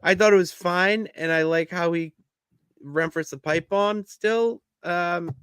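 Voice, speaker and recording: A man co-hosting a wrestling podcast, chatting casually and telling stories in an animated way. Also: sits high, a little slow, clear, resonant tone, no echo, clean studio sound. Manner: animated storytelling, bursts into loud laughs. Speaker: podcast co-host. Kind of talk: casual chat.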